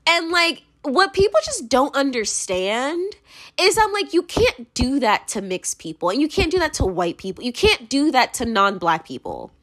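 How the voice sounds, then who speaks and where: In a loose monologue, a young woman from the United States, working as a commentator, rambles through her opinions at a moderate pace. Her high, slightly bright voice makes big swings up and down. She's blunt, swears freely and uses "like" again and again.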